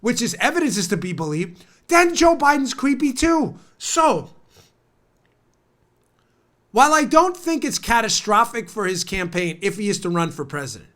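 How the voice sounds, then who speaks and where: A stuffed-up man hosts a talk show in a high, bright voice that swings up and down a lot. He rants and mocks with heavy sarcasm. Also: sing-song, normal speed. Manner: sarcastic, ranting, mocking. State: stuffed up from a cold. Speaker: political talk show host. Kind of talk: opinionated talk show monologue.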